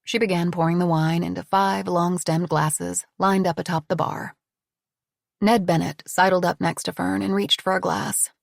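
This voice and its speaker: A woman narrating an audiobook in a measured, descriptive reading. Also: lowish voice, little pitch movement, vocal fry, no room sound, studio quality. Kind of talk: scripted narration.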